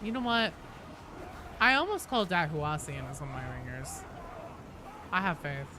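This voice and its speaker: A woman streaming a game, chatting casually with animated, swearing reactions. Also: low-pitched, normal speed. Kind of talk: casual live-stream chat while gaming. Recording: noisy game sound behind voice.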